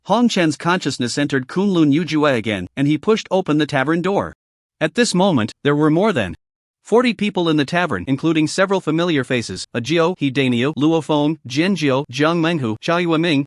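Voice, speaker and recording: A man narrates a story recap, reading every line of dialogue in his own voice. His pitch sits a little high and moves a lot. The sound is dry and close, with no room around it. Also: dry recording. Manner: even storytelling delivery, reads all dialogue in his own voice.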